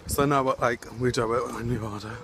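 A man's voice: medium pitch, fairly even intonation, fairly quick, a crowd in the background. A young man vlogging on a town street into a phone, chatty and self-mocking. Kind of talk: casual vlog chat.

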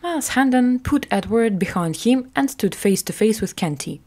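A woman teacher narrating a classic story in a slow, clear, careful way for English learners. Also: fairly high pitch, expressive, dark tone.

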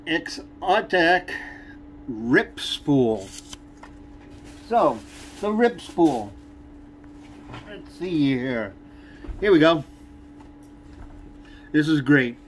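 With a fairly high voice and big pitch swings, the fishing channel host complains his way through an unboxing vlog. He speaks slowly and hesitantly, pausing often, while a faint hum lingers in the background.

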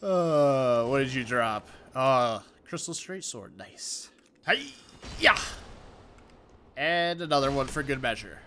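A young man giving profane, jokey commentary while playing a game, with loud reactive outbursts. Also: mid-range voice, expressive, unhurried, few pauses, slight background noise. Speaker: let's play gamer. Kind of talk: gameplay commentary.

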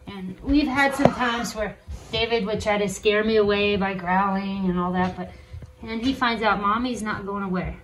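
A woman host talking casually to viewers while trimming her dogs' nails, coaxing them with soft praise. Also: medium pitch, moderate pace, slight background noise, rough recording. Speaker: alpaca farmer and channel host. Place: indoors with the dogs on a farm.

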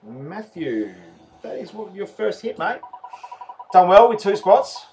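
A man's voice: sits high, sing-song, slow, darkish tone, slight background noise. Australian man calling a raffle. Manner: chatty, calls names and counts spots. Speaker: raffle host. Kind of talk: live raffle wheel commentary.

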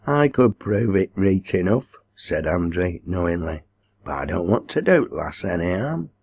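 A man reading as a little villager, solemn and earnest, deep low voice, slow broad dialect, storybook tale. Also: big pitch swings, darkish tone, slightly rough, exaggerated voice.

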